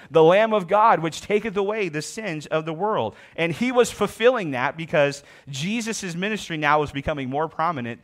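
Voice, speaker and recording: Guy pastor preaching, voice a bit on the high side, reads verses then hammers the point home. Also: a bit bright. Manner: reads scripture aloud, then explains it with emphatic repetition. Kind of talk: sermon.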